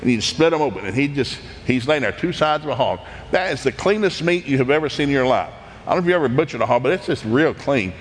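A middle-aged man from East Tennessee, telling animated, folksy stories from his childhood, laughing often and acting out voices. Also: mid-range voice, fast, breathy edge, big-room sound. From East Tennessee, USA. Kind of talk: folksy anecdotal storytelling.

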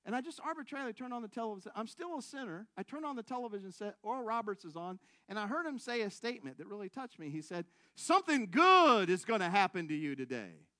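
A man with a high, bright, forceful voice preaches a testimony sermon from his own story. He is self-mocking and laughs as he goes, shifting from loud bursts to hushed asides. The sound is close and dry, with no room around it. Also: rapid-fire, hardly any pauses, no echo. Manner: big swings between loud excited bursts and quiet low asides.

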